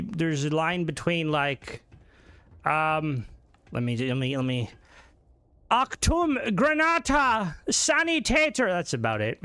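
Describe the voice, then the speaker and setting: Male streamer, slightly high voice, profane, rambling live chat over gameplay. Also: a bit bright, clear, resonant tone, no echo. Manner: rambling and profane, with frequent restarts. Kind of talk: casual chat while gaming live.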